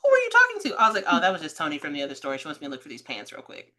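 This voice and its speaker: A woman's voice: sits low, rapid-fire. A woman hosting a podcast interview, chatting casually and acting out quoted voices as she tells stories. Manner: animated storyteller, acts out quoted voices, laughs often. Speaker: podcast host.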